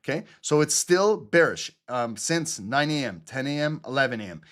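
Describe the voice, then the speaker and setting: A man's voice: medium pitch, animated, moderate pace, fairly bright tone. A man hosting live trading commentary, talking through chart drawings as he explains his analysis. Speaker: trading channel host.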